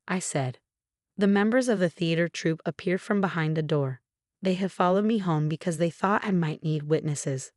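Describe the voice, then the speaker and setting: A woman reading a scripted first-person story in an even, steady way. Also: low-pitched, normal speed, dry recording, studio quality. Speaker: story narrator.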